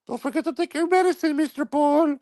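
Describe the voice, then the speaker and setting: A man voicing a timid Colombian maid who talks in a high falsetto and broken English. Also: fairly quick, a little mellow, no echo. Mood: teasing.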